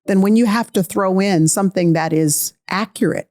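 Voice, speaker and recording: A middle-aged woman guest on a faith podcast, giving thoughtful, measured, encouraging advice. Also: medium pitch, darkish tone. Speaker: podcast guest, Bible teacher. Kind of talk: casual faith podcast conversation.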